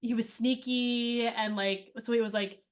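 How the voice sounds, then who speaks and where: A woman's voice: on the high side, fairly even intonation, a little slow. A woman interviewed as a cast member, telling rambling stories in casual chat with many fillers.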